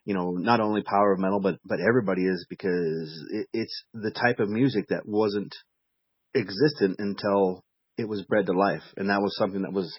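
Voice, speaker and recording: A man interviewing a guest in a casual, enthusiastic and halting way. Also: lowish voice, steady tone, husky, no room sound. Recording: dull dry lo-fi audio.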